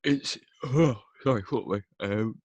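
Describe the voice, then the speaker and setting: Deep-voiced young man, blunt. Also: takes it slowly, a little mellow, no room sound. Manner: blunt and opinionated, swears freely. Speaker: podcast co-host. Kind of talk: casual chat.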